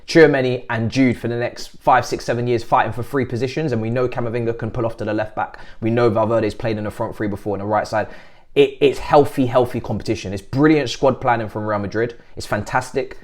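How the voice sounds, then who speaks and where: A man hosting a football vlog, talking in an animated way that swings from loud mocking bursts to low muttered asides. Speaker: football channel host. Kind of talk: excited football commentary vlog.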